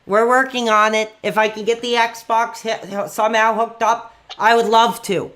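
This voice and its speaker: A man hosts a livestream and takes callers, voice pitched fairly high with a bright, sharp edge. He talks in an excitable way, repeating his lines. He swaps in mild stand-in swears. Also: normal speed. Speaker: livestream host taking calls. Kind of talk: hyped call-in livestream chat.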